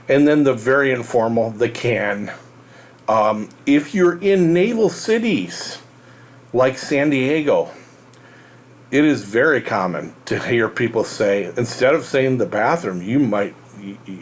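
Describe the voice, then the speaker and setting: Man from the US, low voice, casual rambling monologue, lots of ums and restarts. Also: expressive, husky. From United States. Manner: rambling, halting, many fillers and restarts. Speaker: real estate show host.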